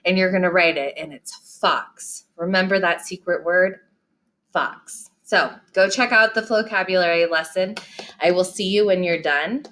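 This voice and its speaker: A woman teaching young students in a recorded lesson, with a voice a little lower than most women's. She speaks patiently and encouragingly, and she gives her examples a lively, expressive reading. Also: unhurried.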